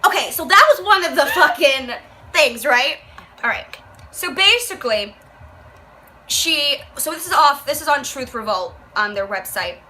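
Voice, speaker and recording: A woman's voice: high voice, expressive, a little slow, bright, forceful tone, poor audio. A young woman vlogger reading a book aloud and reacting with profane, exasperated commentary. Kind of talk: casual rant, reading aloud.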